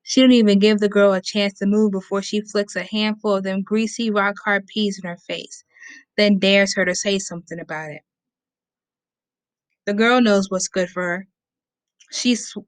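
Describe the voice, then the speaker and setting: A woman's voice: medium pitch, steady tone, moderate pace, clean tone, no echo. A woman reading a novel aloud in first person, with a casual, conversational storytelling manner. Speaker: audiobook reader. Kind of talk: first-person audiobook narration.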